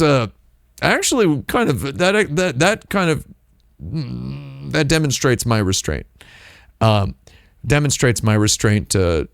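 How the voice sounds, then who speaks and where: A man hosting a live stream, talking in a rambling, deadpan comedic monologue and playing with made-up words. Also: creaky, no room sound, studio quality. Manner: deadpan, playful with invented words, lively pitch swings. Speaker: streamer host.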